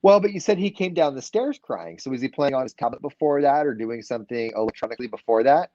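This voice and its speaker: A man's voice: medium pitch, animated, fast, warm tone, no echo. Easygoing man co-host, dull lo-fi sound. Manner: easygoing and supportive, with some hesitant restarts. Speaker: live stream co-host. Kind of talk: casual morning show chat.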